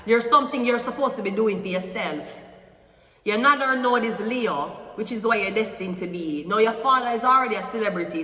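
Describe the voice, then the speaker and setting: A woman's voice: mid-range voice, pushed and bright. A woman giving a blunt, emotional tarot reading and swearing freely. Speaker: tarot reader. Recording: echoey room with long reverb, faint music.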